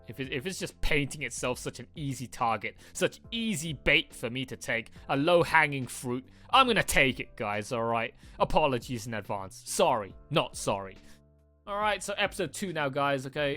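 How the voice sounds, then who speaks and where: A man's voice: mid-range voice, pushed and bright. A British man hosting an anime reaction, talking in a rambling, sarcastic way and swearing often. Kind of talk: casual reaction commentary.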